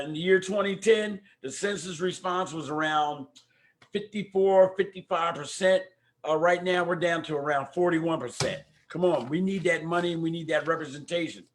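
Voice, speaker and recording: A man's voice: fairly high pitch, a little hiss or hum. An older man hosting a community talk livestream, greeting viewers by name and urging them to vote. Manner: warm preacher-like exhortations. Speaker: host of a community talk show. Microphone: microphone at home.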